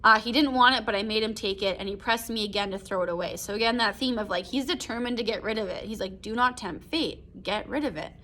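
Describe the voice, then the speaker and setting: A woman's voice: medium pitch, quick pace, few pauses, bright, forceful tone. A young woman teacher walking a class through a short story in a chatty, casual way, full of "like" and "right?". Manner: chatty, explains with lots of "like" and "right?". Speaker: English teacher. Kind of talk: casual recorded class lesson.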